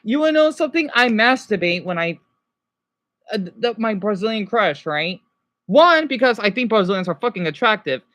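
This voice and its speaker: On a basic home setup, an American-accented woman from Arizona rants through a rambling livestream monologue, driving her points home with repeated "okay?"s. Her mid-range voice swings widely in pitch, sounds fairly bright, and moves at a normal speed.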